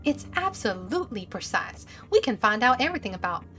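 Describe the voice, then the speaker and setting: A stern male detective pushes a suspect in a slow, pressing, accusing way, read out by a woman streamer. The voice sits a little high and swings widely, with soft game music behind it. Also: very animated.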